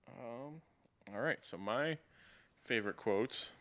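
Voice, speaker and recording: A man's voice: mid-range voice, a little slow, a bit bright. A man on a casual movie review podcast, rambling and going off on tangents as he lists favorite quotes. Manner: rambling, goes off on tangents, many restarts. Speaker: podcast co-host.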